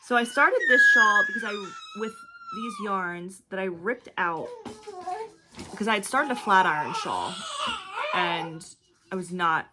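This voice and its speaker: Chatty woman knitting vlogger, lively pitch. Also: a little slow, very noisy. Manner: chatty, rambling, lots of fillers. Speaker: knitting podcast host. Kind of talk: casual chat.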